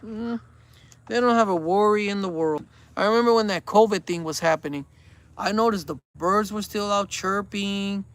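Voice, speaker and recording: A man's voice: high voice, normal speed, clean tone. A man in his forties chatting earnestly in a vlog, rambling and preachy, often repeating himself. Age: 40s. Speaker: vlogger. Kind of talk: casual rambling chat.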